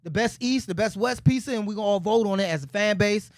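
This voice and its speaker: Animated high-voiced man. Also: quick pace, no room sound, clean studio sound. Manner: animated storyteller, jumps high when quoting himself. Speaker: show co-host, former football player. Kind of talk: casual sports talk chat.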